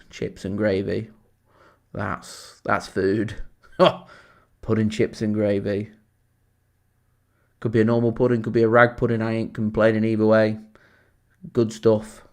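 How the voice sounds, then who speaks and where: A man with a Lancashire accent hosting a live football watchalong, chatting at length and answering viewer comments. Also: lowish voice. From Lancashire, England. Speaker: fan channel host.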